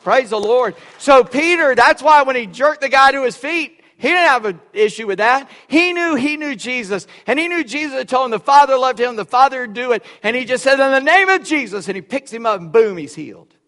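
A male pastor preaching a sermon, swinging between loud emphatic lines and quiet, joking asides. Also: very high-pitched, lively intonation, a little fast, few pauses. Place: church sanctuary. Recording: echoey hall with long reverb.

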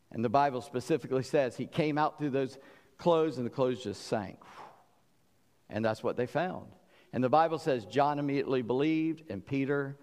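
A man's voice: mid-range voice, big-room sound. A man preaching a sermon, telling stories animatedly as he acts out voices. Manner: animated storytelling, acting out voices. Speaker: pastor.

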